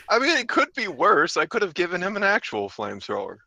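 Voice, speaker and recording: A man's voice: high voice, moderate pace, creaky, no echo. A man co-hosting a livestream, chatting casually, laughing and swearing often over an online call. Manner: laughing, swearing, lively storytelling. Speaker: co-host. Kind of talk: joking livestream banter.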